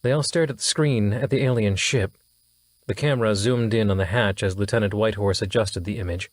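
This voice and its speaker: A man narrating an audiobook in steady scripted storytelling. His voice sits low, and the recording is close and dry with no room sound. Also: brisk, no echo.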